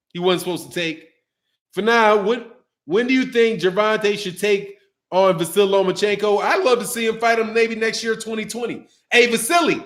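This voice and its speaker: Animated man with a high voice. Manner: animated, slangy, laughs often, rambling. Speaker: boxing channel host. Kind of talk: casual livestream chat reading super chats.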